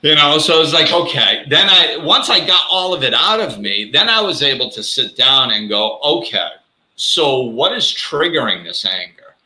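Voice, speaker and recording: A man with a very bright, forward voice, talking in a casual, animated way as the host of a live show. He acts out bits of dialogue and laughs at himself. The sound is echoey, as if recorded in a hard room. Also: on the high side, normal speed. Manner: animated, self-mocking, acts out quotes.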